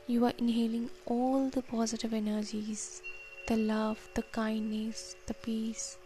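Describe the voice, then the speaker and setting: A woman leading a guided meditation, counting breaths and giving slow, soft, calm instructions. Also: on the high side, soft background music.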